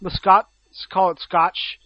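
A man's voice: high voice, level tone, takes it slowly, no echo. A man with an American accent chatting casually, teasing and laughing often. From Chicago, United States. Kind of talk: casual chat. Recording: dull lo-fi sound.

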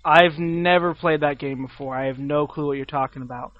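High-voiced man chatting on a podcast. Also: fairly even intonation, brisk, no echo, highs cut off. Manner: joking, self-deprecating, chatty. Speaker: podcast co-host. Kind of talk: casual chat.

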